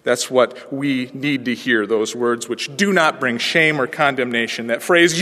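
A pastor in his forties preaching a sermon through a personal story, moving from hushed, quiet passages to ringing proclamation. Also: a little high, moderate pace, few pauses. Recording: long reverb of a large hall.

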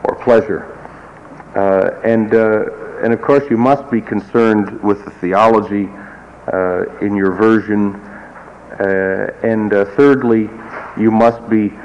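A man's voice: fairly low pitch, darkish tone. A man teaching a class, explaining in a digressive, wry way with asides. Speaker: music teacher. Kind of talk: classroom lecture. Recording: muffled lo-fi recording, faint hiss.

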